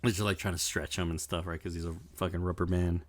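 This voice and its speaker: A man's voice: low voice, level tone, fast talker, no room sound. A man co-hosting a podcast, recapping episodes in loose, profane chat with lots of laughs and fillers. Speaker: podcast co-host. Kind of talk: casual chat, recapping an anime.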